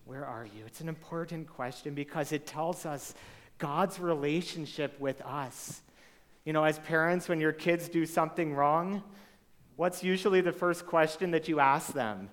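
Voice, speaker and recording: A man's voice: fairly high pitch, a little slow, a bit bright. A male pastor preaching a sermon to a live congregation, talking conversationally and asking the room questions. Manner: conversational, asks the audience rhetorical questions. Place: church hall with a live congregation. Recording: long reverb of a large hall.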